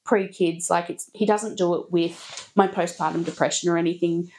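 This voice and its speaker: A woman's voice: on the low side, normal speed, a little hiss or hum. A woman, hosting a podcast and talking frankly and expressively about parenting. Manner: frank and expressive, laughs often. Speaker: podcast host. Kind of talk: candid casual chat.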